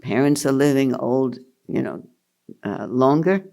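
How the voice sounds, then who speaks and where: An older woman teaching at a retreat, answering questions in an unhurried, amused way and laughing often. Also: extremely low pitch, gravelly, warm tone. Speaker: spiritual teacher.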